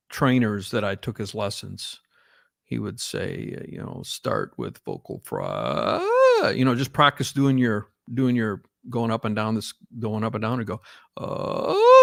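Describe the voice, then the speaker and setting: A man with a gravelly voice chats loosely on a podcast, trailing off and restarting as he goes. The sound is dry and close. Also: medium pitch, dry recording. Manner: rambling, many fillers and restarts. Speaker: podcast co-host. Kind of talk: casual chat.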